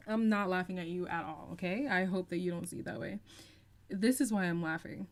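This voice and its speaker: A young woman hosting a casual livestream, chatting and reading out viewer comments, laughing often and stretching out some phrases slowly. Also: fairly low pitch. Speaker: livestream host reacting to reality TV.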